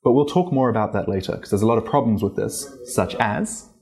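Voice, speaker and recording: A man whose first language is English, teaching Vietnamese tone pronunciation as a learner, animated and demonstrating tones with his voice. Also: on the low side, fairly quick, very noisy. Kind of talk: explanatory language lesson. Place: Hanoi.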